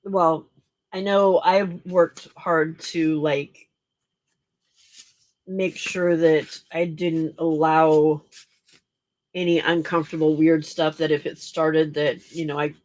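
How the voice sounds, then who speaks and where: Slow-talking, yawning woman streamer. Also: low-pitched, no echo. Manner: relaxed, chatty, talks to viewers by name. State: tired, yawning. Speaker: livestream host. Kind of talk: casual late-night crafting livestream chat.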